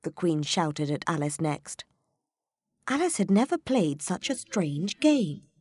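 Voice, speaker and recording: Slow, lively woman storyteller. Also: fairly low pitch, husky. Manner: expressive, measured storytelling. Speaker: narrator. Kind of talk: children's storybook reading.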